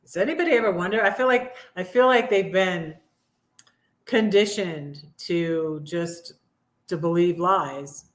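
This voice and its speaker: A woman's voice: on the low side, unhurried. A middle-aged woman hosting a live stream, rambling and sarcastic, getting heated about politics. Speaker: livestream host. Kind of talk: casual political rant.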